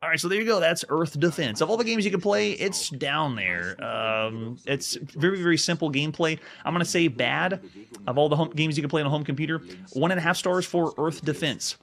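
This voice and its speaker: A man talking through old games as he plays them, his voice sitting a little high and swinging up and down a lot. He rambles and restarts his words, then gives his verdict in a relaxed, casual way. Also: a little fast, creaky. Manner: rambling, restarts words often while playing. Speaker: host reviewing retro games. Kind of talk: casual gameplay commentary.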